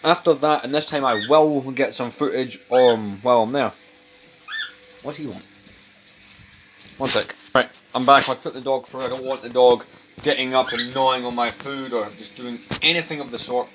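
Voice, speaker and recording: A man's voice: mid-range voice, steady tone, normal speed, background noise. Young guy vlogging at home, rambles and swears a lot, blunt. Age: young adult. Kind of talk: casual chat to camera. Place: at home over dinner.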